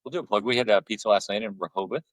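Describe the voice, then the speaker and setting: A man hosting a podcast in casual chat, meandering and halting, often repeating words as he goes. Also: fairly low pitch, dry recording, poor audio. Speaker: podcast host.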